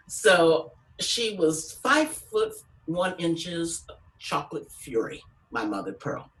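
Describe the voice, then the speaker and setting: A woman comedian doing an animated stand-up storytelling set, salty and quick to act out other people's voices. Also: low voice, distant mic, rough recording. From San Francisco Bay Area.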